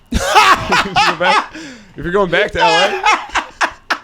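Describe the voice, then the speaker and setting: A man's voice: very high voice, huge pitch swings, slow pace, very noisy. A man hosting a podcast in casual chat, laughing often and giving short reactions.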